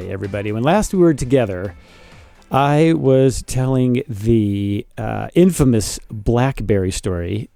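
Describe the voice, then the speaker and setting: A man co-hosting a podcast, telling a story in a casual chat, animated and laughing as he acts out the people in it. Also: medium pitch, gravelly, no room sound, studio quality. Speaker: podcast co-host.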